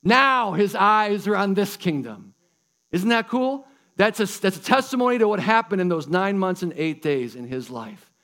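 A man with a notably high voice preaches a sermon to his congregation. His delivery is casual and enthusiastic, and he keeps turning straight to the listeners as guys and folks. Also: big pitch swings, moderate pace, a bit bright. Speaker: pastor.

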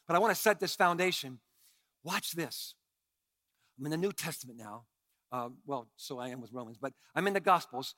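Male pastor, passionate sermon, high-pitched, bright and forceful, shouts then drops to quiet asides. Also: no room sound. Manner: calls on the congregation to respond.

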